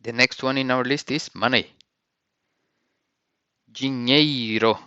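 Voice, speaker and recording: A male language teacher talks through a vocabulary lesson, speaking each word and then repeating it with care. His voice is bright and forceful, and it sounds dry and close. The recording itself is dull and slightly lo-fi. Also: mid-range voice, fairly even intonation, fairly quick, no room sound. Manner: says each word and repeats it, careful pronunciation.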